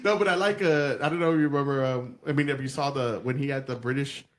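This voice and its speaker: A man's voice: medium pitch, fast talker. A man co-hosting a podcast, chatting casually and profanely about politics and acting out quotes with animation. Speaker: podcast co-host.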